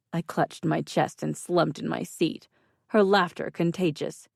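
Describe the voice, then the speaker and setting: Slow, low-voiced woman narrator. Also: steady tone, creaky, dry recording, clean studio sound. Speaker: audiobook narrator. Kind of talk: first-person audiobook narration.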